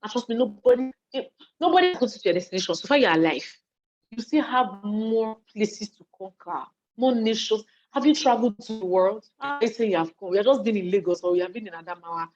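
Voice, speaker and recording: A Nigerian woman speaks over a video call from her home study, in a voice of ordinary middle pitch that comes through a muffled, lo-fi line. She talks to her online audience in a lively, conversational way, acting out what people say and checking that they are following. She is hungry and keeps yawning. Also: fairly quick. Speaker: speaker on leadership and volunteering. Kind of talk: live online talk to an audience in a chat. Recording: dull lo-fi call audio.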